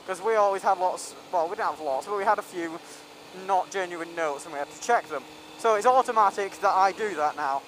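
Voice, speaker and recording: A man's voice: high voice, fairly quick, a bit bright, slight background noise, low-quality recording. A young man telling a rambling story in a casual vlog, full of ums and restarts. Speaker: vlogger.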